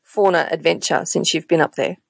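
A woman's voice: sits low, steady tone, brisk, gravelly, slightly rough, no room sound. A woman chatting as a podcast guest, chiming in with teasing comments. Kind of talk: casual chat.

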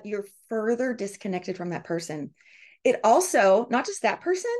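A middle-aged woman hosting a coaching session, reading out participants' comments and acting out quoted voices. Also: fairly high pitch. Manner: animated, reads out group comments, acts out quoted voices. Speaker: podcast host and coach. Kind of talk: coaching talk to a live group.

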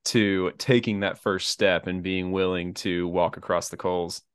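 A male podcast host with a very low, smooth, resonant voice. He asks his questions in a measured, thoughtful way. The sound is dry and close. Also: little pitch movement, no room sound. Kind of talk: interview questions.

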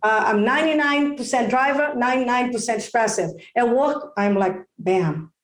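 A woman working as a real estate agent, giving expressive, excitable advice in an interview. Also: on the high side, moderate pace, roomy sound. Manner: expressive, excitable, many exclamations.

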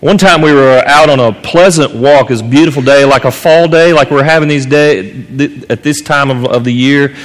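A man's voice: moderate pace, few pauses. Man preaching in a reverberant church. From North Carolina. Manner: earnest storytelling preacher, rises in pitch for dramatic moments. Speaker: pastor. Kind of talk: sermon. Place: church sanctuary. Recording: long reverb of a church hall.

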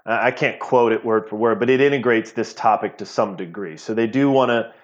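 A man's voice: on the low side, a little fast. A middle-aged man, a professor talking as an interview guest, explaining at length and often repeating words as he goes. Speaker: physical therapy professor, guest. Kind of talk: casual interview talk. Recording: slightly dull lo-fi audio.

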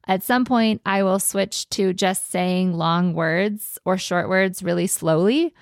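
A woman's voice: on the low side, slow pace, no echo, studio quality. A woman hosting a podcast, explaining in a casual teaching tone and stretching out words for emphasis. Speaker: podcast host.

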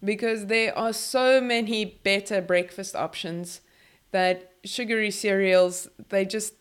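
A woman's voice: mid-range voice, fairly even intonation, unhurried, clear, resonant tone. A woman hosting a casual podcast chat, enthusiastic and prone to repeating words and restarting. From South Africa. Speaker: podcast host.

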